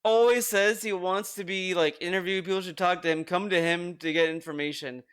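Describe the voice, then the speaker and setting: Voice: medium pitch, steady tone, a little fast, fairly bright tone, clean tone. A streamer giving exasperated, ranting commentary on a video, swearing freely. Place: home streaming room.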